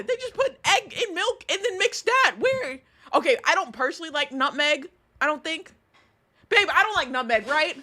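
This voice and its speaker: A woman's voice: very high-pitched, bright, forceful tone. A woman streamer, chatting to her audience and ranting with outrage and laughter. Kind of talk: casual live-stream chat.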